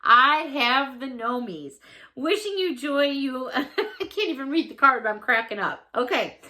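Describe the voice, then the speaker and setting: A woman's voice: high voice, animated, moderate pace, pushed and bright. A middle-aged woman chatting casually to camera as a YouTuber opening fan mail, effusive and full of thanks and exclamations.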